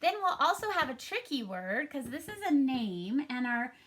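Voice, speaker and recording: A woman's voice: high-pitched, big pitch swings, moderate pace, fairly bright tone. A woman teaching a first grade reading lesson for a home recording, upbeat and encouraging in a sing-song teacher manner.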